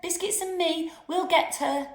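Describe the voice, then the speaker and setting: A woman voicing an eager, good-natured schoolboy who calls out excitedly. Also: very high-pitched, measured pace, pitched above the performer's own voice. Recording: roomy echoey room.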